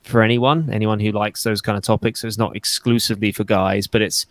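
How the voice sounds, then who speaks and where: A man from England with an English accent softened by years in the US, chatting casually about his podcast and fitness work, laughing often and acting out what others say. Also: fairly low pitch, little pitch movement, brisk, no echo. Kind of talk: casual chat.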